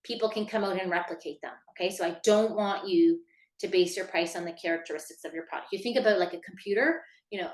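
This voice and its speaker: A woman's voice: lowish voice, fast talker, reverberant. Chatty woman teaching a workshop. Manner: chatty, many fillers, addresses listeners directly. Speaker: workshop instructor. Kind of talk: casual workshop lecture.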